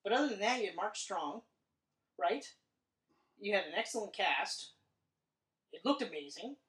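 A woman co-hosting a casual movie chat, critiquing films in a blunt, animated way with plenty of swearing. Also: mid-range voice, moderate pace. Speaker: podcast co-host. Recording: roomy, distant mic.

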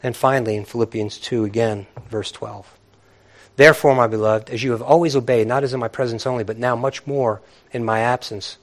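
A middle-aged man preaching a sermon in a conversational, animated way, acting out little quotes as he goes. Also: medium pitch, a little fast. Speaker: pastor.

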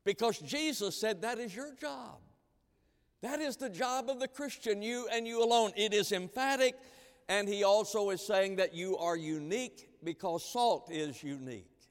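A man preaching a sermon as pastor, emphatic and repetitive, swinging between loud declarations and hushed lines, in a church sanctuary. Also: sits high, animated, measured pace. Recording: long hall reverb.

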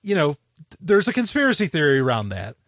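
A man's voice: on the high side, huge pitch swings, fairly quick, a bit bright, no echo, studio quality. A man co-hosting a podcast, talking casually and rambling with many restarts. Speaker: podcast co-host. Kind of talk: casual chat.

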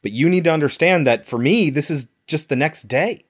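A man's voice: on the high side, lively intonation, fairly quick. A man co-hosting a casual podcast about a film, explaining scenes conversationally. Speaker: podcast co-host.

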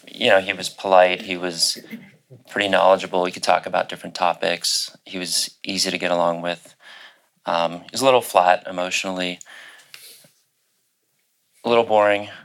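A man's voice: low voice, fairly even intonation, moderate pace, pauses often, a bit bright. A middle-aged man telling a personal story as a guest on a panel, hesitant, with many fillers and restarts.

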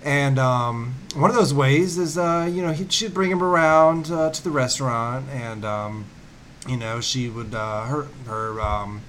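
A man's voice: mid-range voice, a little slow, fairly bright tone, a little hiss or hum. A man in his thirties co-hosting a casual podcast, rambling through a story with many fillers and restarts. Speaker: podcast co-host. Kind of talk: casual chat.

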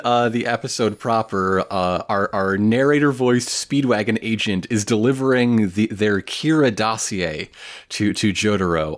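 A man's voice: lowish voice, measured pace. A man co-hosting a casual podcast, recapping an anime episode with wry, digressive trivia asides. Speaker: podcast co-host.

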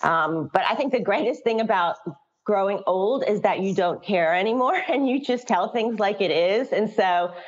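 A middle-aged woman author chats frankly in a relaxed interview, often breaking into laughter and restarting her sentences. Her voice sits at an ordinary middle pitch. The recording is dull and lo-fi. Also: normal speed. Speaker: children's book author, guest. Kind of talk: casual interview conversation. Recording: dull lo-fi audio.

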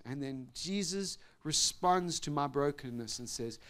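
A man preaching and telling a personal testimony, shifting between loud outbursts and hushed, intimate tones. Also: on the high side, animated, a little slow, few pauses. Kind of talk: sermon testimony.

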